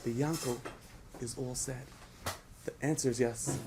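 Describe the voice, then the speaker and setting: A man's voice: mid-range voice, unhurried, a little hiss or hum. A man giving a storytelling lesson to children, asking them questions along the way. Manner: asks the audience questions, animated storytelling. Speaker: speaker at a children's program.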